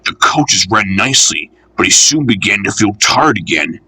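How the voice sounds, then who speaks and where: A man reading a children's railway storybook aloud in an expressive, measured way. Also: on the low side, husky.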